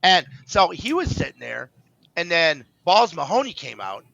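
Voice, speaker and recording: A man's voice: on the high side, very animated, moderate pace, vocal fry, pushed and bright, muffled recording. A man co-hosting a podcast, telling a rambling story in casual chat, full of fillers and restarts and acting out the voices he quotes. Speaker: podcast co-host.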